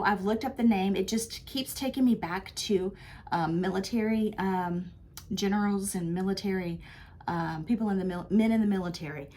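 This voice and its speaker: A middle-aged woman chatting to camera about needlework in a small indoor room, enthusiastic and casual, with frequent ums. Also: mid-range voice. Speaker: cross stitch vlogger. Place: small dark room lit by lamps, indoors.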